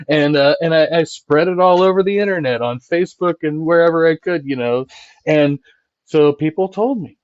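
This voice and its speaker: Fairly high-pitched and clear with a resonant tone, this streamer and channel host speaks at normal speed. The audio has no room sound and the highs are cut off. He reads chat loosely, swearing, laughing, and tossing in "right?"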